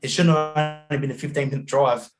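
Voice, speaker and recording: An Australian man telling a travel story as a podcast guest over a video call, animated and laughing often, acting out the people he met. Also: fairly high pitch, fast talker, over music. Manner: animated yarn-spinning, acts out voices, laughs often.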